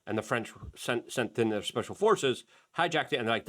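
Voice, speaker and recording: A man's voice: medium pitch, expressive, a little fast, hardly any pauses, fairly bright tone. A middle-aged man hosting a talk show, commenting on a clip with heated, emphatic bursts. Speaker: show host.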